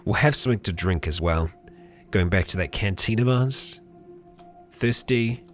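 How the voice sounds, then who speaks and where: A man's voice: fairly low pitch, animated, measured pace, soft background music. A young man hosting a let's play, chatting casually through the game and talking to the characters on screen. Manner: chatty, talks to game characters, bursts into mock fury and laughter.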